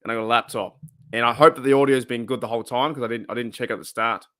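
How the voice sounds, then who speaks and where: A man's voice: mid-range voice, fairly even intonation, quick pace, bright, forceful tone. An Australian man in the middle of his range rambles casually through fan questions, often restarting sentences. He speaks into a desktop microphone in a small room at home. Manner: chatty, rambling, frequent restarts. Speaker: podcast host answering fan questions. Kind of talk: casual solo chat. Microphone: desktop USB microphone.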